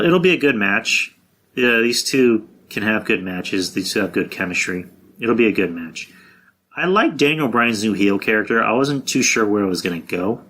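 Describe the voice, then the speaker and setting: A man hosting his own podcast, talking loosely and bluntly with plenty of swearing and restarts. His voice is bright and forceful and sits a little low for a man. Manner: blunt and profane, with frequent restarts. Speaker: podcast host. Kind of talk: casual wrestling predictions monologue.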